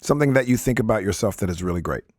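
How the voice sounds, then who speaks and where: A man's voice: fairly low pitch, very fast, no echo. Probing male podcast interviewer, dry sound. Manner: probing, animated, frequent affirming murmurs. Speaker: podcast co-host. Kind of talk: interview questioning.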